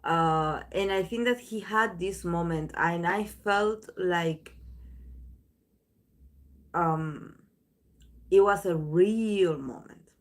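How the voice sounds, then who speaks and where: A woman's voice: fairly low pitch, extremely slow, pauses often. A woman hosting a tarot channel, chatting casually to viewers in a rambling way, full of restarts and fillers.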